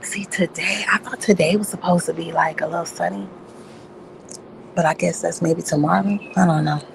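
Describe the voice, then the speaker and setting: A woman chatting casually and profanely, rambling through stories with loud outbursts. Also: lowish voice, fairly even intonation, moderate pace, gravelly, a little hiss or hum, rough recording. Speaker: vlogger. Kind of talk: casual chat.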